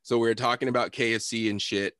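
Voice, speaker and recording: A young man co-hosting a podcast, telling a long story in a loose, profane, animated way with lots of fillers. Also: mid-range voice, fast talker, no echo. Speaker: podcast co-host. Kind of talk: casual storytelling chat.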